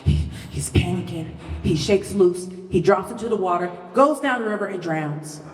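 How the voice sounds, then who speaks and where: Woman guest, lively folksy storyteller, echoey hall, heard from a distance. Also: fairly low pitch, moderate pace, faint music behind. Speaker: guest speaker. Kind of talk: storytelling to a live audience. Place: stage at a live show in a large venue.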